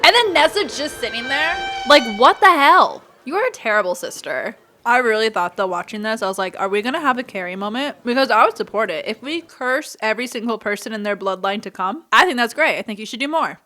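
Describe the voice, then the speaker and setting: Hyped woman reacting to a movie, bright voice, swoops up and down, laughs a lot. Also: on the high side, fast, few pauses, faint music behind. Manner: gushing, excitable, laughs often. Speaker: host.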